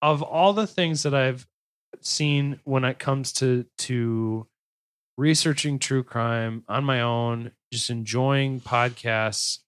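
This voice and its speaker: A man's voice: medium pitch, slow pace, fairly bright tone, dry recording. Man, podcast host, thirties or forties, reads case facts, cracks crude jokes, dry close sound. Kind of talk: casual true-crime podcast chat.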